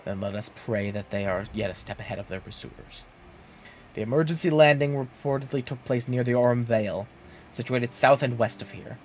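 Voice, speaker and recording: A man voicing a creepy knight in black armor, pushing his voice deep and reading slowly and solemnly. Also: a little hiss or hum, lightly acted. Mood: ominous. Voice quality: deep, strained low voice.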